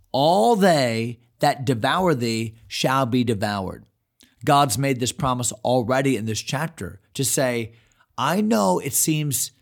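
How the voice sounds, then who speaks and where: Earnest male preacher, mid-pitched. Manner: earnest preaching, paraphrasing scripture in a lively voice, with small restarts. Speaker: pastor. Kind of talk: expository sermon. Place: church.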